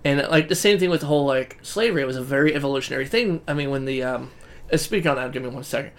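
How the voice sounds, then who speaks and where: A man's voice: mid-range voice, racing, a bit bright. A man co-hosting a podcast in casual chat, rambling and swearing freely. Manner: rambling and profane. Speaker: podcast co-host.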